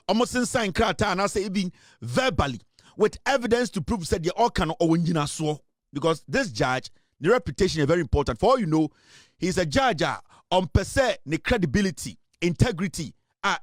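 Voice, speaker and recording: A man's voice: high-pitched, dry recording, clean studio sound. A Ghanaian man giving impassioned political commentary, emphatic and full of fillers as he switches between English and Twi.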